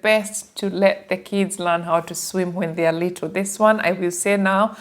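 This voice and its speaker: A Kenyan woman in her thirties, with a Kenyan accent, tells her life story to viewers in a casual, emotional way, calling them "guys." Her lowish voice is animated at a normal speed.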